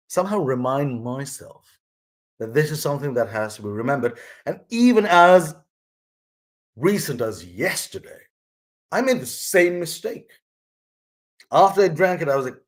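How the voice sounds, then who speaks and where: A man hosting his own vlog, talking through a life lesson in a casual, rambling, earnest way with frequent restarts. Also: mid-range voice. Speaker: vlog host sharing his mother's lessons. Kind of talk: casual reflective monologue.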